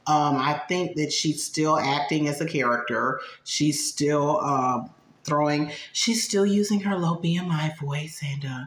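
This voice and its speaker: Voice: medium pitch, measured pace, fairly bright tone, roomy sound, a little hiss or hum. A reaction video host giving blunt, sassy commentary in a casual way.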